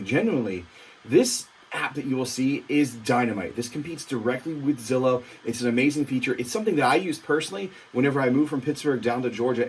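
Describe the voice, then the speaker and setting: A man's voice: medium pitch, slight background noise. A young man, an upbeat real estate technology trainer, giving an emphatic walkthrough with lots of fillers.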